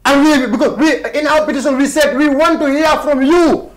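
A man's voice: extremely high pitch, steady tone, a little fast. A man with a Gambian accent, a protest movement spokesman answering interview questions insistently, often repeating himself and talking over the interviewer.

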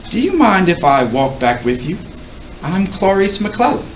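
A man reading aloud, voicing a curious, dreamy seventeen-year-old girl who speaks in a soft, wondering way. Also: sits high, sing-song, measured pace, voice pushed up, heavily acted. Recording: roomy, distant mic, faint hiss.

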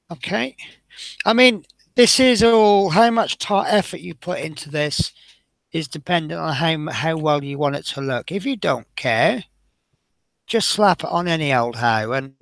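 A man's voice: a little high, creaky, a bit bright, no room sound. Chatty man narrating a model build. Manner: chatty, rambling, self-interrupting. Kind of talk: casual build commentary.

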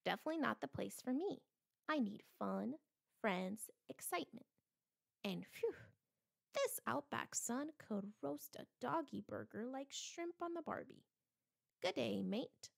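A woman's voice: fairly high pitch, very animated, a little slow, vocal fry, full character voice. A woman voicing a picky, adventurous storybook dog. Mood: playful.

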